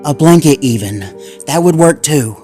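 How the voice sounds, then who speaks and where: Man voicing a nervous young female husky. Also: on the high side, lively intonation, moderate pace, warm tone, faint music behind, pitched above the performer's own voice, natural voice. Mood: urgent. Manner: shivering, worried.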